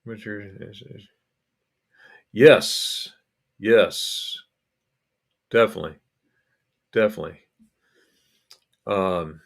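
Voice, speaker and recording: Deep gravelly man chatting casually. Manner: rambling, repeats words and restarts. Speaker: vlog host. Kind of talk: casual live-stream chat.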